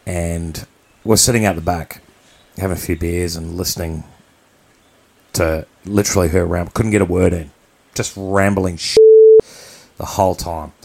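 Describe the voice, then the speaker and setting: A man's voice: low-pitched, steady tone, moderate pace, gravelly. A man from New Zealand, co-hosting a podcast, telling a personal story in a candid, blunt, rambling way. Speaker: podcast co-host.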